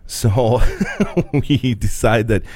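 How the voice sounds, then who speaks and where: Speaking extremely slowly in a mid-range voice, a rural Midwestern man co-hosts a podcast and spins a long, profane yarn, laughing and animated throughout the casual chat. The recording is dry.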